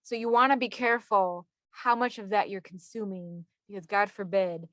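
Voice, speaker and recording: A woman guest therapist chatting casually on a podcast, telling stories with lively acted-out quotes, saying y'all and swearing casually. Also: mid-range voice, normal speed, dry recording. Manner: animated storyteller who acts out quoted people.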